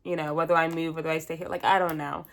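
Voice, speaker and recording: A young woman chats alone on her podcast, rambling and candid as if on a phone call with a friend. Her voice sits a little low and has a lot of fry and gravel. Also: flat delivery, quick pace. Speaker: podcast host. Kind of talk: casual solo chat.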